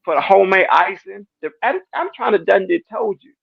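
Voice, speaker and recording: A man sharing a casual church testimony, animated and repetitive, acting out his talks with God. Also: high-pitched, fairly quick, creaky, slightly rough. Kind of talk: casual church panel discussion. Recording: dull lo-fi dry sound.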